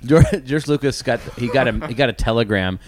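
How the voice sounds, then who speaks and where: A man's voice: mid-range voice, fairly quick, darkish tone, no room sound, studio quality. A man co-hosting a podcast, joking and riffing in casual banter. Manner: joking, riffing, laughs often. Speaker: podcast co-host.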